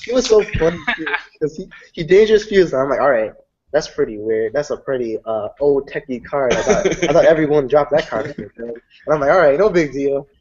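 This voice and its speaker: A young man tells card game stories in casual chat. He talks in an animated way, swears freely and acts out the lines other people said. The recording sounds dull and lo-fi. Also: a little high, a little fast, breathy edge. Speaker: card game player recounting matches.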